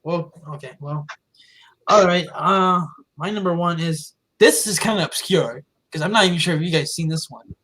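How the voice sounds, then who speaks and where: A man's voice: on the high side, normal speed, pushed and bright, rough recording. A man hosting a casual movie podcast, talking hesitantly with many fillers. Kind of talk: casual movie review chat.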